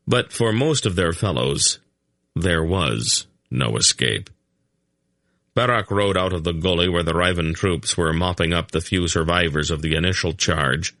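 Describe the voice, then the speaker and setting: A man narrating a fantasy audiobook in a steady, measured storytelling manner. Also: low voice, no room sound, studio quality.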